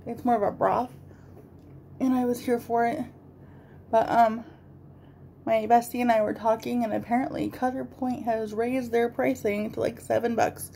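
Woman, 30s, home makeup vlogger; chatty rambler with a gravelly edge, faint hiss behind. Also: fairly high pitch, little pitch movement, moderate pace, long pauses, mellow. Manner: rambling, chatty, swears casually. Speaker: beauty vlogger. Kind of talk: casual rambling chat while doing makeup.

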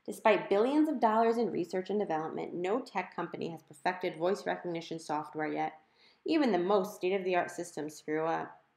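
A woman with a fairly low voice reads a novel aloud, telling the story in a clear, conversational way. The recording carries a noticeable roomy echo. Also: normal speed, darkish tone. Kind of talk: audiobook narration.

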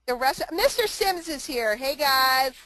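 A woman's fairly high voice, recorded close and dry with no room sound. She drives her points home by repeating them and breaks off into casual asides to the people listening. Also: lively intonation, measured pace, bright, forceful tone, dry recording, rough recording. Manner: emphatic and repetitive, chatty asides to listeners. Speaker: motivational speaker and trainer. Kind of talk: motivational talk to a live online group.

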